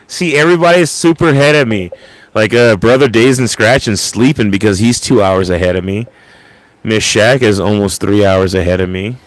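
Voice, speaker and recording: A man's voice: fairly low pitch, moderate pace, no echo. A man hosting a casual late-night livestream into an ASMR microphone, rambling and stammering as he repeats words. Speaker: livestream host.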